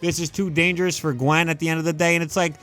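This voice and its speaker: A young man talks through a countdown list in loose, animated commentary, filling his sentences with "like" and pushing into emphatic rants. His voice sits a bit high for a man, and faint music plays underneath. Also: quick pace. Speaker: YouTube movie commentator. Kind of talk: casual ranking commentary.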